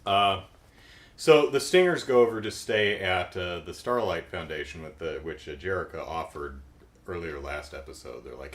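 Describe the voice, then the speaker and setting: A man's voice: deep voice, moderate pace. A middle-aged man recapping a cartoon episode in casual comedic talk, dry and sarcastic, acting out the characters' lines.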